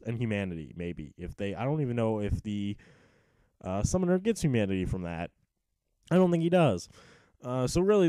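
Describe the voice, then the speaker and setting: A man's voice: medium pitch, mellow, no echo. A young man giving casual, rambling commentary over recorded gameplay, swearing often and poking fun at himself. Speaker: gaming commentator.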